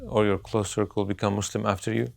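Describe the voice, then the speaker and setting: A man as the interviewer, asking calm, measured questions. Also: on the low side, gravelly, no echo, clean studio sound.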